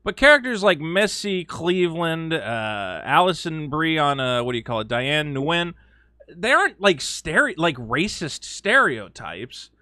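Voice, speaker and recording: A man giving casual opinion commentary as a video host, animated and sarcastic, slipping into mocking quoted voices with frequent fillers. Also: a little high, a little slow, dry recording, clean studio sound.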